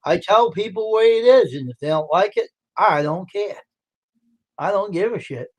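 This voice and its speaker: A gruff, blunt man, talking loosely on a livestream. His voice sits a little high for a man, and he swears without a second thought. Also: lively intonation, normal speed. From Brockton, Massachusetts. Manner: blunt, gruff storyteller who swears freely. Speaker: livestream host. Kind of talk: casual livestream chat.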